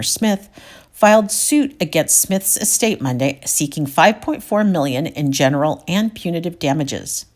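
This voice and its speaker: A woman's voice: low-pitched, darkish tone. A woman around fifty, hosting a podcast, reads old newspaper clippings aloud and breaks in with wry, chatty comments. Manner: wry, chatty asides between read passages. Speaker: podcast host.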